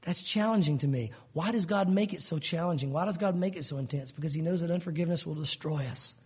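A man's voice: on the high side, quick pace, a little mellow, slightly rough. A man preaching a sermon in a conversational, earnest way, explaining verses in plain words and calling the listeners "guys". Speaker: pastor.

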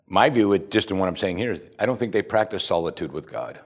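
Low-voiced man preaching a conversational sermon. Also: lively intonation, fast. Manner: conversational, asks the listeners rhetorical questions; reads scripture aloud and stops to comment. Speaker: pastor.

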